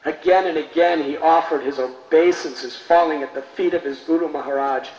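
A man, a spiritual teacher, telling a sacred story in a sermon with slow, dramatic delivery. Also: fairly high pitch, steady tone, darkish tone. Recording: echoey, distant mic, faint noise.

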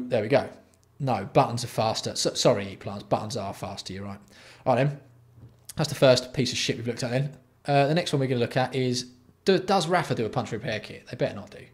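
A young man hosting a livestream, reading product copy aloud and mocking it with sweary, exasperated commentary. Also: mid-range voice. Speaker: livestream host.

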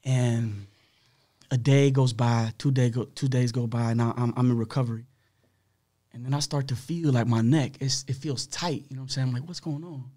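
Podcast guest, young man, slightly rough voice, animated casual storytelling that acts out the dialogue. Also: mid-range voice, moderate pace.

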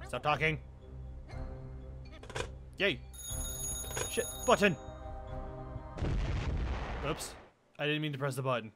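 An excitable young man talks his way through a game, swearing and laughing as he goes. His voice sits a little high and swings widely in pitch. Game music plays clearly behind him. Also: slow pace, long pauses. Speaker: gaming video host. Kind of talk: let's play commentary.

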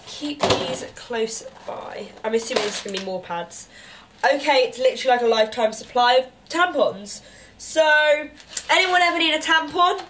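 A young woman with a stuffy cold, chatting brightly as she unboxes beauty gifts, cooing and gasping at each item. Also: high-pitched, a little hiss or hum. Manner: bubbly, chatty, gasps and coos at each item. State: congested with a cold. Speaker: beauty vlogger. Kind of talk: casual unboxing chat.

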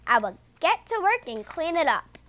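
A woman's voice: extremely high pitch, big pitch swings, moderate pace, fairly bright tone, full character voice. A woman voicing a fussy, tidy, middle-aged farmer's wife who speaks primly and exclaims.

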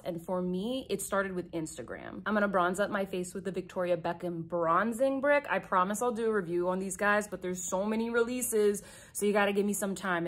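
A young adult woman, a beauty YouTuber, talking chattily and enthusiastically to viewers while doing her makeup at home, filmed on a phone. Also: medium pitch. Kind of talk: chatty get-ready-with-me vlog.

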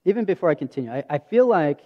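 A man's voice: fairly high pitch, sing-song, racing. A pastor in his thirties preaching a sermon, telling stories earnestly and acting out dialogue. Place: church sanctuary. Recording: dull audio with long hall reverb.

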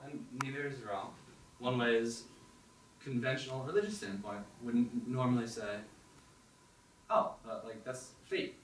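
A young man telling an animated second-person story at an open mic, acting out the thoughts he quotes. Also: mid-range voice. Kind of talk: storytelling monologue. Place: performance hall. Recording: echoey hall, distant mic, faint noise.

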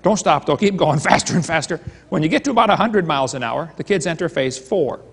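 A man's voice: fairly high pitch, animated, fast talker, gravelly, fairly bright tone, husky. A man giving a live seminar lecture, telling stories and jokes and acting out his dialogues. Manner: joking storyteller, retelling dialogues. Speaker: creationist seminar speaker. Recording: long hall reverb.

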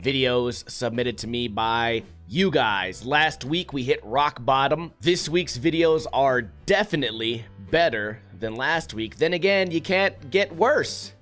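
A man's voice: mid-range voice, animated, measured pace, hardly any pauses, a bit bright, faint music behind. A man hosting a review show, giving casual, blunt and sarcastic critique with some swearing. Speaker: skate video reviewer host. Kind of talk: casual commentary.

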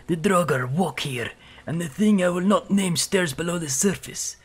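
A man putting on a grave, husky swamp guide. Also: sits high, measured pace, voice pushed up. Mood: grave warning. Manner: grave, archaic, declaiming. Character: solemn ominous male swamp guide, warning.

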